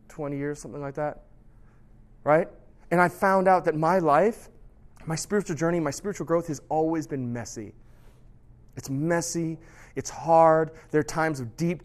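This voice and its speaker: A man preaching a sermon in a conversational storytelling way, often checking in with his listeners. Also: a little high. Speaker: pastor.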